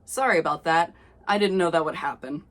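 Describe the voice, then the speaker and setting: A smirking, easygoing punk teenage boy with a low voice, read out by a woman. He speaks casually and teases, as if nothing fazes him. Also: brisk, fairly bright tone. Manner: laid-back, smirking.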